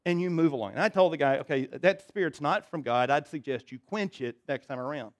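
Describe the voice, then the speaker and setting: High-voiced folksy male pastor. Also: lively intonation, a little fast. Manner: conversational and folksy, with frequent restarts and asides. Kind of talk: sermon. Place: church sanctuary.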